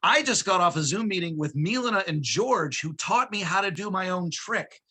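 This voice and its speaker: Man, guest magician on a video call; high bright voice, excitable, self-mocking jokes. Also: moderate pace, slightly rough. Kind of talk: joking comedic patter over video call.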